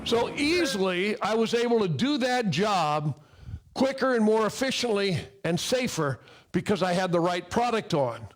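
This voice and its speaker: High-voiced man telling a safety story. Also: moderate pace. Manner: animated storyteller who acts out dialogue. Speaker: fall protection equipment speaker. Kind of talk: personal story told to an audience.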